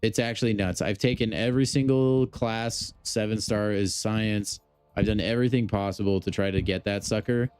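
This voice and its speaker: A man hosts a live gaming stream, chatting and joking with his viewers in a low, smooth, resonant voice. The sound is dry and close, with faint music underneath. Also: steady tone, normal speed, a little mellow, no echo. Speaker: game streamer.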